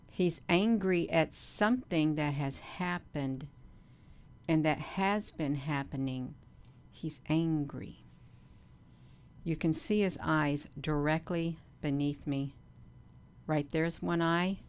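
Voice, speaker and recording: A woman with a low, deep voice hosts her own livestream. She speaks slowly and earnestly, repeats herself and fills pauses with ums. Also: a little mellow, clean tone. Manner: slow, earnest, repetitive, with many ums. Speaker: channel host. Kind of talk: casual livestream vlog.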